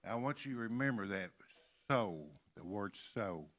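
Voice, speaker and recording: An older man from Kentucky preaching a sermon in a church, slowly stressing and repeating key words. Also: fairly low pitch, expressive, fairly bright tone. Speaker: pastor. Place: church sanctuary.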